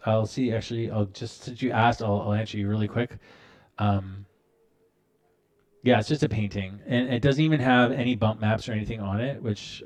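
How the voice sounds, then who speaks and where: A man with a fairly low voice walks viewers through his work on a live stream. He talks in a loose, relaxed way, full of ums and restarts, as he clicks through files on his computer. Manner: relaxed, rambling, many fillers and restarts. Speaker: animator hosting a live stream. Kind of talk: casual live-stream tutorial.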